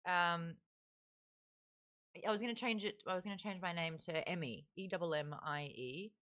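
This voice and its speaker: Into a desk microphone placed beside her webcam, an Australian woman reads viewer comments aloud while casually chatting as host of a live-stream book club. Her pitch is fairly low, her tone a bit bright, and her pace normal.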